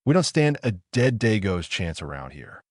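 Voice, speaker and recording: A man's voice: on the low side, very animated, normal speed, a little mellow, no room sound, clean studio sound. A man voicing a brash, bossy backwoods hunting guide with a nasal, folksy drawl, for an audiobook.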